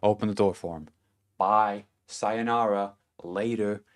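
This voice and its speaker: A young man with a somewhat low voice talks through a casual self-help monologue, blunt and full of swearing. He laughs to himself and swings from loud, punchy emphasis down to low murmurs. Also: steady tone, unhurried. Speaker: vlogger.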